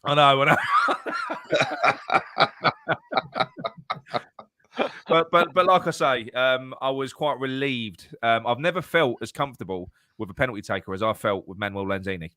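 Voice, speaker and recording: A man's voice: mid-range voice, brisk, few pauses, bright, forceful tone, no room sound, studio quality. A man talking football casually as a podcast co-host, rambling and repeating words as he thinks.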